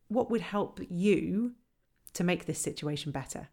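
A woman on a podcast explaining how to handle complaints, lively and acting out the lines customers and staff might say. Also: fairly low pitch, a little slow. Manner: animated, acts out quoted dialogue. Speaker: customer service trainer.

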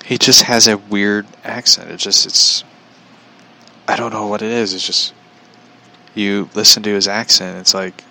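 A man's voice: fairly low pitch, steady tone, a little slow, gravelly, long pauses, bright, forceful tone. A young man chatting casually on a livestream, rambling, often chuckling and reading out viewer comments. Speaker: vlogger.

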